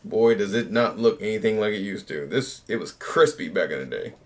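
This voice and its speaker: A man's voice: on the low side, animated, fairly quick. A man in his thirties, a YouTuber, chatting casually late at night in a rambling, self-mocking way that often trails off.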